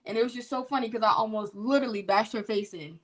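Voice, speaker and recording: A young woman telling a personal testimony story in a casual, animated, expressive way. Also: fairly high pitch, quick pace, crowd noise.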